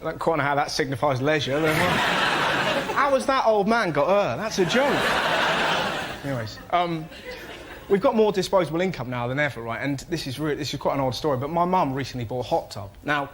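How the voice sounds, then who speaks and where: Cheeky, animated male comedian. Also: fairly high pitch, fairly quick. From Britain. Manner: animated, cheeky, laughs at his own jokes. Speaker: comedian panelist. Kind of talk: stand-up storytelling on a panel show. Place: TV studio with a live audience. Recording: loud studio audience laughter and noise.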